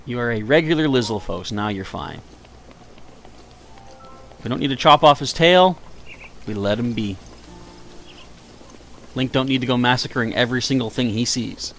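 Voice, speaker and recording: A man's voice: mid-range voice, normal speed, vocal fry, pauses often, a bit bright, faint music behind. A man giving casual, rambling commentary while live streaming a video game and chatting with viewers, sounding tired. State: tired, yawning.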